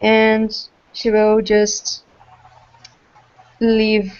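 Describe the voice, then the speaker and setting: A woman describing her character's actions in a tabletop role-play, in a halting, hesitant way. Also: medium pitch, completely flat delivery, darkish tone. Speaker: player. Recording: muffled lo-fi.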